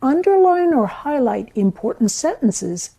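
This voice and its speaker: A woman narrates a learning lesson at an unhurried pace. Her voice is very mellow and dark, a little high for a woman. She explains each step in a measured way. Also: very animated, gravelly, breathy edge. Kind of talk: scripted educational narration.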